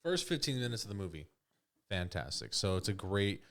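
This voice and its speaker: A man's voice: fairly low pitch, sing-song, a little fast, fairly bright tone. A man co-hosting a casual movie review chat, blunt and leading the talk, swearing freely. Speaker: co-host.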